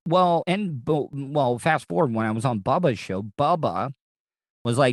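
A man's voice: mid-range voice, expressive, unhurried, dry recording, studio quality. A man hosting his podcast in casual chat, talking in a rambling way with lots of restarts and swearing. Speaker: podcast host.

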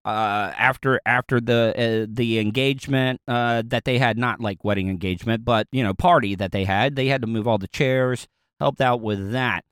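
A man with a Southern US accent spins a loose, casual story straight to his audience. His voice is smooth and clear, recorded dry and close with no room sound. He rambles, backtracks and chuckles as he goes. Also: mid-range voice, normal speed, fairly bright tone, no room sound. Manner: rambling, with frequent fillers, restarts and chuckles.

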